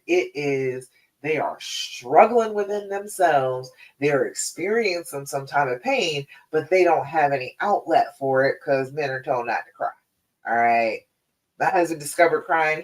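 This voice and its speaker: A woman's voice: deep voice, lively intonation, a little slow, far from the mic, poor audio. A woman hosting a live stream as a relationship coach, talking in a casual, conversational way and often checking in with "all right?".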